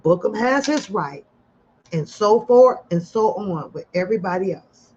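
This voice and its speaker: A woman's voice: mid-range voice, animated, measured pace, a little mellow, a little hiss or hum. A middle-aged woman hosting a live stream, talking casually and bluntly to her viewers, swearing and laughing often. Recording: dull lo-fi stream audio.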